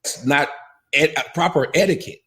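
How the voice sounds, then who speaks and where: A man arguing on a livestream panel, quick and defensive. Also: fairly high pitch, creaky, a bit bright. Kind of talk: argumentative livestream talk.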